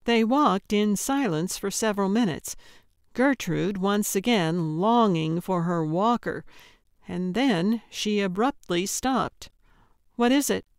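Measured woman audiobook narrator. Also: medium pitch, clear, resonant tone, dry recording, clean studio sound. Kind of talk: scripted narration.

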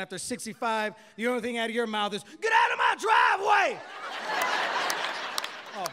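A man doing stand-up comedy on a club stage, brash and profane with loud bursts. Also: extremely high pitch. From Mexican-American. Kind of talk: stand-up set. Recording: live club recording with hall echo and crowd noise. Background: crowd laughter.

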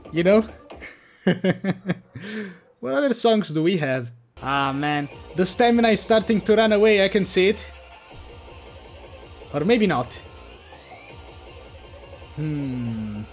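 A man streaming live reaction commentary, excitable, swinging from hype shouts to low mutters.

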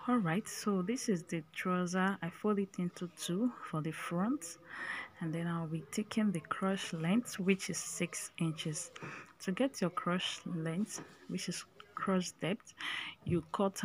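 A woman's voice: on the low side, slow, a little hiss or hum. A woman giving a casual step-by-step sewing tutorial, chatty and often checking in with "okay?", her voice breaking into a whisper at times.

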